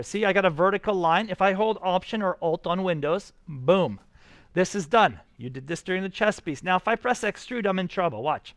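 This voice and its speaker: A man's voice: sits high, fairly bright tone, no echo. A man teaching a live class, upbeat and coaxing, talking his students through each step. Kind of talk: live classroom software tutorial.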